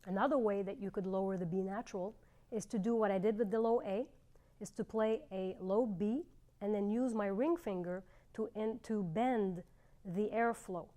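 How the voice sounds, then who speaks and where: Woman calmly teaching clarinet technique. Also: mid-range voice. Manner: clear, measured explaining with pauses. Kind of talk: instructional demonstration.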